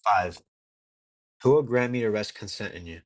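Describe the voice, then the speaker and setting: A young adult man with a lowish voice reads aloud for an amateur audiobook, earnest and measured, with occasional slips and restarts. The recording is dry.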